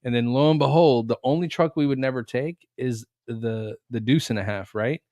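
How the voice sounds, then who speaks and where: A man from Texas with a mid-pitched voice, co-hosting a casual podcast. He teases his friends, swears freely and acts out quotes in put-on voices. The recording is close and dry. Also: moderate pace, warm tone, dry recording. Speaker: podcast co-host. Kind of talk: casual chat.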